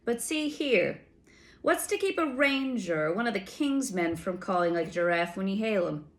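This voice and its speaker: A woman's voice: medium pitch, very animated, moderate pace. A woman voicing a blustering giant outlaw. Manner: rough old-fashioned speech.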